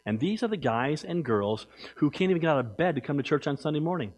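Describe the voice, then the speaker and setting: A man preaching a sermon as pastor in a church, emphatic, swinging from loud exhortation to quiet asides. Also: a little high, lively intonation, fast talker.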